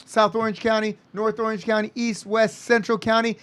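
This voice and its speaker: A man's voice: high-pitched, completely flat delivery, moderate pace, a bit bright, smooth. A man from California, a wrestling promoter, hyping an upcoming card in a rambling, self-correcting announcer patter. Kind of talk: casual promo chat.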